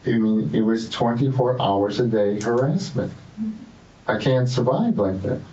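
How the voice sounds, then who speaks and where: A man's voice: medium pitch, measured pace, warm tone, reverberant, highs cut off. A man being questioned by police, rambling and repeating himself defensively. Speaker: suspect in police interrogation. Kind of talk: interrogation interview. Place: interrogation room.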